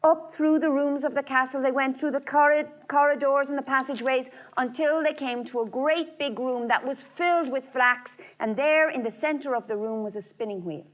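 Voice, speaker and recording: A woman telling a folk tale aloud, lively and rhythmic, repeating phrases. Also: high voice, moderate pace, few pauses. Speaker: storyteller. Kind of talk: oral folk-tale storytelling.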